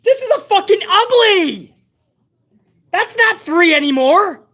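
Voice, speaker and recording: A woman's voice: very high voice, animated, takes it slowly, a bit bright. A woman hosting a live wrestling review stream, ranting bluntly and heatedly with plenty of profanity. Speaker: wrestling show host.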